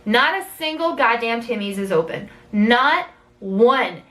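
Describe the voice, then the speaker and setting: A young Canadian woman recounts a trip in a casual vlog, her fairly high voice swinging wide as she acts out every exchange. She swears freely and sits slightly off the microphone, so the sound is a bit distant. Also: a little slow. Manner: animated, swearing, acts out quotes with big pitch jumps. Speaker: vlogger. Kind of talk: casual storytelling.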